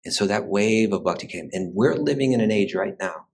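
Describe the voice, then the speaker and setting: A man's voice: fairly low pitch, lively intonation, fairly quick, gravelly, a little mellow, poor audio. A man giving a conversational lecture on the history of spirituality, talking thoughtfully with frequent restarts and repeated words. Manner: conversational, frequent "you know" and "right". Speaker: spiritual teacher.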